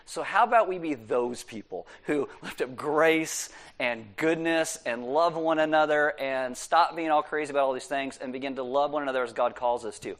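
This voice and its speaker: Easygoing, joking male pastor, slightly high voice. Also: a bit bright. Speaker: church pastor making announcements. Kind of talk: casual church announcements. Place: church service room.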